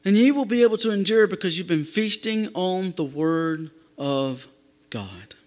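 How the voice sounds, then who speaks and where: A man's voice: sits high, normal speed. A man preaching a sermon as a pastor to his church, emphatic and repeating phrases for stress. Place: church sanctuary. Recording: long hall reverb.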